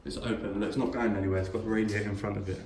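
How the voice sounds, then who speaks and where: A man's voice: fairly low pitch, flat delivery, rapid-fire, a little mellow. A young man hosting a ghost-hunting vlog, calling out and taunting a spirit in a coarse, swearing manner inside an empty house. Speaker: paranormal investigator host. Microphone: camera mic. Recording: echoey rooms, distant mic, faint background noise.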